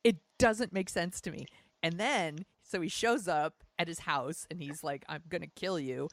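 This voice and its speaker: A woman's voice: fairly low pitch, lively intonation, measured pace, no room sound, studio quality. A woman co-hosting a podcast in casual chat, exasperated as she talks through her notes. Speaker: podcast co-host.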